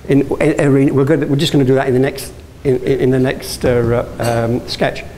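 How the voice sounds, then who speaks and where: A man's voice: mid-range voice, steady tone, brisk, warm tone, slight background noise, low-quality recording. Anecdotal male motivational speaker. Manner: anecdotal, engages audience with questions; restarts and self-corrections. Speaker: guest speaker. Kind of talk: motivational talk.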